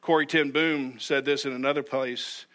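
Bright-voiced male pastor preaching. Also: mid-range voice, steady tone, normal speed. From United States. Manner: earnest, repeats words when starting sentences. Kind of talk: sermon.

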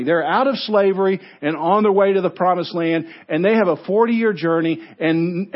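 A male pastor with a high voice animatedly tells stories in a sermon, shifting between quiet points and loud exclamations. The audio is dull.

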